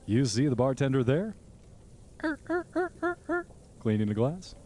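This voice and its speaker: A man's voice: medium pitch, lively intonation, slow, dark tone, a little hiss or hum. A man narrating as game master in a tabletop game, laid-back with dry jokes.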